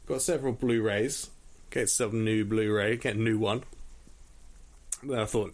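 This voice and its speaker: A man's voice: on the low side, steady tone, normal speed, long pauses. Man, solo podcast host, rambling casual chat, self-deprecating, jokey. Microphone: audio interface.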